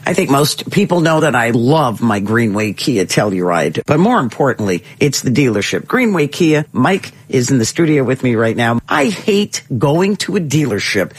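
A man's voice: medium pitch, big pitch swings, normal speed, hardly any pauses, husky, dry recording. A male radio host doing a chatty, upbeat live ad read from the studio, with filler uhs.

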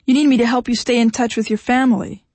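A woman's voice: fairly high pitch, steady tone, fast, darkish tone, no echo, pitched above the performer's own voice, natural voice. A woman voicing a desperate, pushy husband who pleads and insists, his voice cracking, in an audiobook reading. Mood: insistent. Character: desperate, pushy, tearful husband, grown man.

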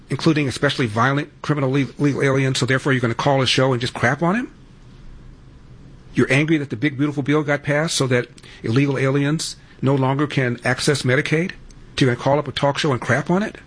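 A male radio talk show host with a slightly husky voice. He reads appeals and phone numbers in a steady, firm delivery. With callers he turns emphatic and pointed. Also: medium pitch, a little fast. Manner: emphatic, rising to exasperated lecturing at callers. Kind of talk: talk radio monologue and ad read.

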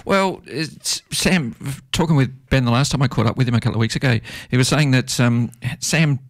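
A man presenting community radio in relaxed on-air chat, laughing often and rambling with fillers. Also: medium pitch, brisk, dry recording, studio quality.

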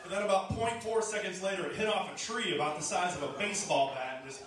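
A man's voice: high-pitched, fast talker. A man doing a stand-up routine, telling a self-deprecating story and working the crowd in a comedy club. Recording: echoey club from far off, loud crowd noise.

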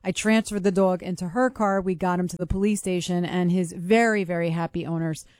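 A woman telling a story in a chatty, excited way as a talk show guest. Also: on the low side, brisk, no room sound. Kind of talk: casual storytelling.

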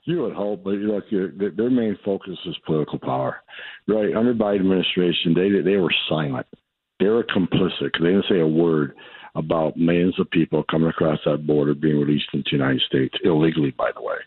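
A man's voice: sits low, brisk, slightly rough, no echo. A man talking bluntly and defiantly as a radio interview guest, repeating points and restarting his sentences. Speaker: radio guest, immigration official. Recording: tinny phone line.

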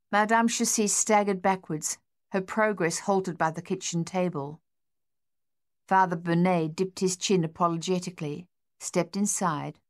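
A woman with a voice on the low side narrates an audiobook, keeping her scripted storytelling steady and measured.

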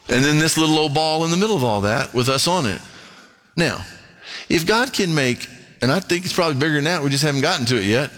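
A man preaching a sermon and reading scripture aloud, with animated pitch swings and quick asides. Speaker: pastor.

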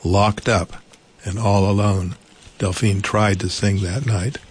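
A man reading a children's storybook aloud in a gentle, unhurried way, adding small asides. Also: fairly low pitch, steady tone, a little hiss or hum.

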